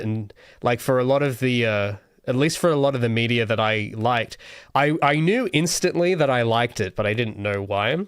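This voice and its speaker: A man's voice: medium pitch, clear, resonant tone, no room sound, studio quality. A young adult man hosting a casual livestream Q&A, rambling and thinking aloud with many restarts. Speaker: solo game developer streamer.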